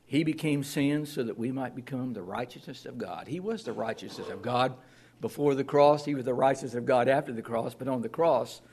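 A man's voice: mid-range voice, brisk, a little mellow, breathy edge. A man preaching a sermon as pastor, plain-spoken and earnest, reading scripture aloud.

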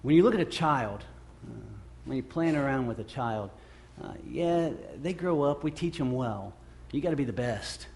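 A man's voice: mid-range voice, lively intonation, normal speed, a little mellow. A man in his thirties preaching a sermon, earnest and conversational, often repeating phrases for emphasis. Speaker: pastor.

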